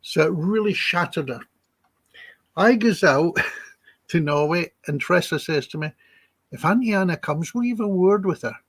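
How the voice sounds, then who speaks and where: A man's voice: a little high, expressive, moderate pace, pauses often, slightly rough, no room sound. A man, a psychic healer guest in an interview, telling chatty anecdotes and acting out the dialogue he quotes. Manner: chatty, acts out quoted dialogue, chuckles between stories.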